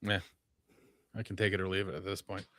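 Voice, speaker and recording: A man's voice: low voice, flat delivery, a little fast, pushed and bright, no echo. A man in his mid-forties, co-hosting a podcast with laid-back, dry comebacks. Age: 40s. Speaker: podcast co-host. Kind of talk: casual podcast banter. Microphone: wearing headphones.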